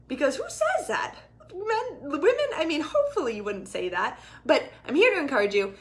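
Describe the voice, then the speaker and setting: Lively, chatty woman with a high voice. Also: normal speed. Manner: chatty, animated, swears freely. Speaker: fitness coach. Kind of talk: casual livestream chat. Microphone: ring light and camera close up.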